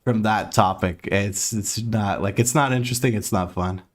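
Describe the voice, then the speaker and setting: A man's voice: lowish voice, moderate pace. A man streaming from home, chatting casually with his audience, laid-back and laughing often as he reads chat aloud.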